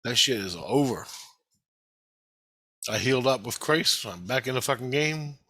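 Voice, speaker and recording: A man's voice: mid-range voice, expressive, a little slow, pushed and bright. A man talking in a rambling personal video monologue, heated and heavily profane. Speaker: vlogger.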